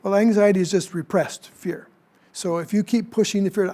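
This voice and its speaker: A man in his seventies with a gravelly, rough edge to his voice, pitched notably high for a man. He speaks as a studio interview guest, explaining patiently and often stepping back to restart a thought. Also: steady tone, moderate pace, mellow. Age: 70s. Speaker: psychologist guest. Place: TV news studio.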